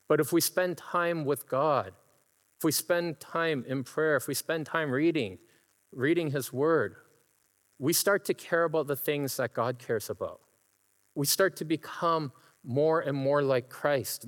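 A middle-aged man preaching a sermon, telling personal stories and breaking into laughter as he imitates a friend's laugh. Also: a little high. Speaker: pastor. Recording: long hall reverb.

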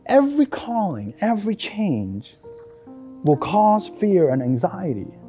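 A man preaching a sermon, animated and earnest, acting out the people's worried questions to God. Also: sits high, slow, soft background music. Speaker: pastor.

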